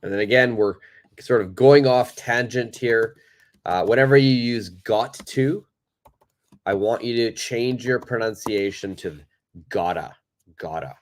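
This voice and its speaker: A man's voice: mid-range voice, a little slow. A man teaching an English lesson, explaining grammar patiently and repeating each example. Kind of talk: live online English lesson.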